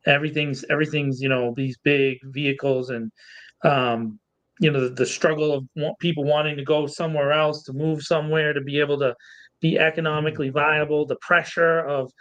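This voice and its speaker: A man's voice: on the high side, level tone, brisk, a bit bright, poor audio. A man co-hosting a local podcast, chatting in a loose, friendly way, laughing often and repeating words. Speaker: podcast co-host. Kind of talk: casual podcast chat.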